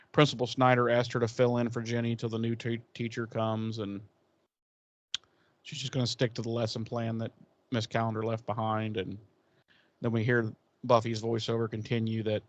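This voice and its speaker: A man's voice: mid-range voice, no room sound, dull audio. A man co-hosting a podcast, giving a casual recap in a blunt, profane, sarcastic way. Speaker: podcast co-host.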